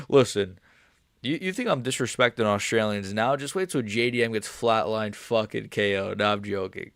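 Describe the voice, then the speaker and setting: A man with a lowish, gravelly voice chats loosely with his viewers, swearing freely and wandering from thought to thought. The sound is dry and close, with no room around it. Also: moderate pace, a bit bright, no echo. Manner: profane, rambling, talks straight to chat. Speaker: MMA livestreamer. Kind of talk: casual livestream chat reacting to viewers.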